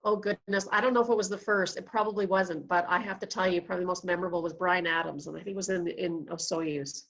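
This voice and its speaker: A woman answering quick questions in a casual chat, chatty and quick to laugh. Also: on the low side, steady tone, vocal fry, a bit bright. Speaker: guest.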